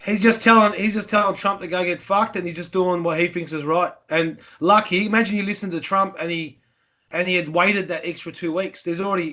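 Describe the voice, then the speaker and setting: High-voiced, matey Australian man host. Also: sharp tone. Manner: matey, joking, swears freely. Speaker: podcast host. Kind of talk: casual podcast chat.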